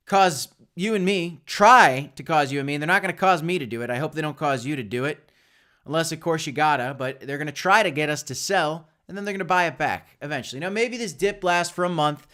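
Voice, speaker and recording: A man's voice: a little high, moderate pace, a bit bright. A man hosting a live crypto stream, talking opinionated and direct to his viewers with frequent restarts. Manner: opinionated, talks straight to viewers; frequent restarts and self-corrections. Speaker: crypto livestream host. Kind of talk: casual live-stream commentary.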